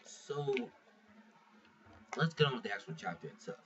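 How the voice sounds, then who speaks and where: A man's voice: medium pitch, lively intonation, moderate pace. A man casually reviewing a manga chapter, rambling, swearing freely and restarting his sentences. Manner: rambling, profane, restarts a lot. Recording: muffled lo-fi mic from a distance, faint hiss.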